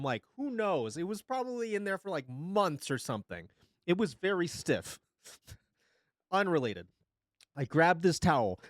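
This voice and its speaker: A young male streamer tells a comic story into a close mic. His pitch leaps up and down with dramatic emphasis, and he swears freely. The sound is dry and close. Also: dry recording.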